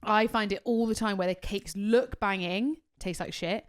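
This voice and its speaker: A woman's voice: mid-range voice, moderate pace. A young woman co-hosting a podcast, chatting casually, blunt and swearing freely. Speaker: podcast co-host. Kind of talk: casual chat.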